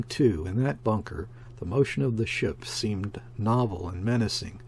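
A man narrating a classic sea story as an audiobook reader, in a steady, measured way. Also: on the low side, a little hiss or hum.

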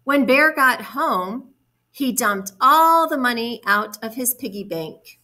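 A woman's voice: on the high side, animated, rough recording. A woman reading a storybook aloud to young children, explaining words and asking them questions. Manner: warm, slow, encouraging, explains words.

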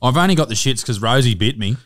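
A man's voice: medium pitch, expressive, fast talker, no echo, clean studio sound. A man with an Australian accent hosting a podcast, telling stories in a sweary, ranting way. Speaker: podcast host. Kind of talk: casual podcast banter.

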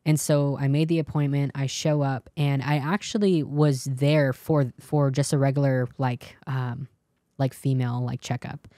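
An extremely low, dark voice carries this young Californian woman's testimony, delivered in a level tone at normal speed. The studio recording is clean with no room sound. As an interview guest, she speaks earnestly and acts out other people's lines from her story.

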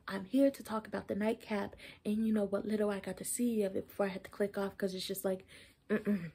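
Hoarse young woman host, casual slangy rant, flat husky delivery. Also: mid-range voice, normal speed. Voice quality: husky, partly whispered. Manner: chatty, conversational, slangy. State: losing her voice, hoarse. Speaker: YouTube commentary host.

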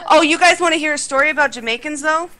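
A woman on a gaming stream who talks in a bright, ringing tone and a slightly raised voice. She rambles through stories with plenty of ums and likes. A faint hiss sits under her voice. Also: sits high, quick pace. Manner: chatty storyteller with filler words. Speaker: game stream guest. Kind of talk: casual gaming chat.

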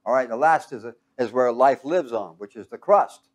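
A man giving a motivational talk to a live audience. He talks emphatically, swings from loud to hushed, and keeps quizzing listeners with fill-in questions. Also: medium pitch, lively intonation, normal speed. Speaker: speaker teaching a live audience.

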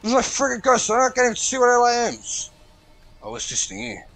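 A man hosting a let's play, reacting loudly and profanely, yelling at the game as he plays. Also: very high voice, fast, faint music behind. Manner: excitable, profane, shouts at the game. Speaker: gaming channel host.

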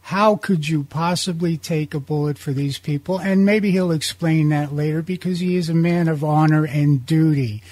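A man's voice: fairly high pitch, normal speed, few pauses, a little mellow. A man hosting an interview, prompting his guest with a few hesitations. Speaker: interview host. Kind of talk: conversational interviewing.

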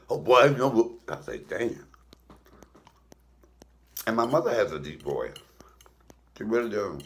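A middle-aged male comedian telling blunt, profane stories in a casual, animated way while cooking. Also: low-pitched. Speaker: comedian and cooking show host.

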